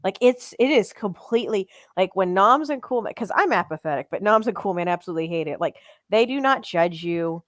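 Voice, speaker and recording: A woman's voice: mid-range voice, quick pace, hardly any pauses, dry recording, studio quality. A woman in her thirties co-hosting a podcast, speaking earnestly and reassuringly to the chat. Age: 30s. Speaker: podcast co-host.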